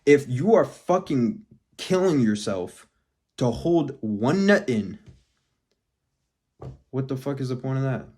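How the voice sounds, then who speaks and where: Vlogger man on a rant, swears a lot, blunt and emphatic, mid pitch. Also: darkish tone. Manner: blunt, heavily profane and emphatic. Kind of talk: profane motivational rant.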